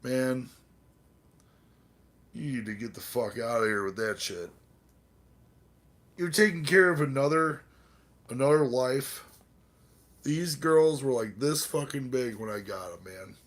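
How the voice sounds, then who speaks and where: This livestream host has had a few drinks and speaks unhurriedly in a medium-pitched voice broken by long pauses. On his casual stream he rambles profanely, chatting with viewers and addressing his cats.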